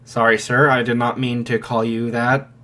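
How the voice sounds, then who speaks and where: A man voicing an exhausted, scruffy male hero who talks in a tired, low-key way. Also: little pitch movement, normal speed, sharp tone, close to an everyday voice. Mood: apologetic.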